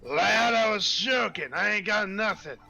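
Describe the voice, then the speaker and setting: A man voicing a gruff male tavern cook who shouts from his kitchen, blunt and swearing. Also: high voice, animated, a little slow, muffled recording, soft background music, pitched above the performer's own voice, heavily acted. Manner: loud, blunt, calls people lad, swears.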